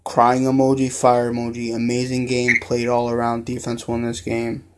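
Flat-voiced man reading fan messages. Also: mid-range voice, moderate pace. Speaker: podcast host. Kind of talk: casual sports podcast chat, reading listener comments.

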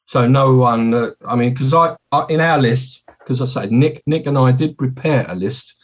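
A podcast host chats casually, rambling and correcting himself as he goes. His medium-pitched voice moves at a normal speed, though the recording sounds muffled.

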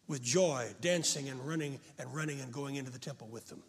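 An older man preaching a fervent sermon to a congregation, often rising to shouts. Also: medium pitch, fairly quick, few pauses. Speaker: pastor.

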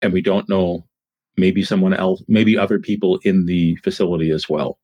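A cautious, terse female agent's warnings come through in a tabletop game, read by a man in a very low, husky voice. The messages are delivered flatly, as if read off a phone. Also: moderate pace, muffled recording. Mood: wary.

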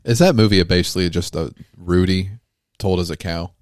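A man's voice: sits low, brisk, a little mellow. A man co-hosting a casual chat, joking wryly and laughing often. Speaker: podcast co-host.

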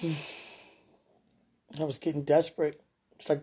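Gravelly husky woman praying on livestream. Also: on the low side, steady tone, unhurried. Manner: talks aloud to God, swings between tearful and soft. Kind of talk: emotional livestream monologue and prayer.

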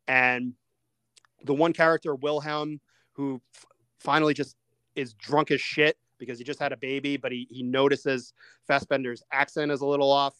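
A man hosting a casual movie-review podcast, steering the talk with lively asides and questions to his co-hosts. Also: medium pitch, clean tone, no echo. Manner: animated, quick asides, steers the discussion. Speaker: podcast host.

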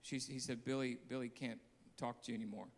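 A man preaching as a guest pastor, telling a story that swings between quiet asides and loud outbursts. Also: mid-range voice, fairly even intonation, a little fast. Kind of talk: sermon. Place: church hall. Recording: long hall reverb.

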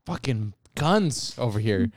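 A man's voice: medium pitch, sing-song, takes it slowly, dry recording, studio quality. A young adult man hosting a podcast, chatting loosely with lots of swearing and laughter. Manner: rambling, profane, laughs often. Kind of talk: casual chat.

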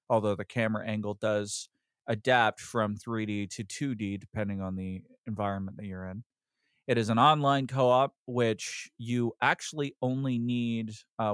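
A man's voice: fairly low pitch, a bit bright, smooth, no room sound, studio quality. A man co-hosting a podcast, chatting casually and joking with many fillers. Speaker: podcast co-host. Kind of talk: casual chat.

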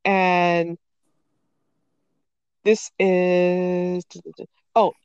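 A woman's voice: lowish voice, little pitch movement, drawn-out words, a little mellow, smooth, no room sound, highs cut off. A woman in casual chat recapping a TV episode, playful, quoting the characters and laughing often. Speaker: podcast co-host recapping a TV episode.

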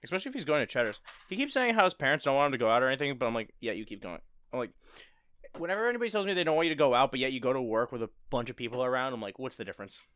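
A man's voice: medium pitch, very animated, rapid-fire, fairly bright tone, dry recording. A young man chatting casually with a friend, telling work stories with laughs and swearing. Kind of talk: casual chat.

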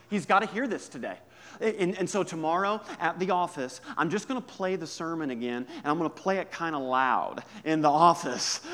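Male pastor, mid-high voice, chatty humorous sermon delivery, quiet asides and punchy emphasis. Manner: conversational and humorous, swinging from hushed to emphatic.

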